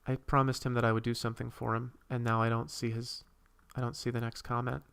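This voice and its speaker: A man's voice: medium pitch, flat delivery, fast, creaky, a bit bright, clean tone. A man hosting a casual livestream, rambling while he reads and answers viewers' comments and draws. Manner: drawing while talking. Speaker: streamer host.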